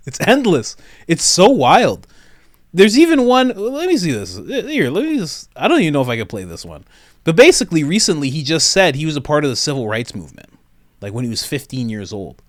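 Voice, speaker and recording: A man hosts comedic reaction commentary, chatty and enthusiastic. His slightly high voice rises and falls with lively swings, and the recording sounds dry and close. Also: fairly quick, no room sound.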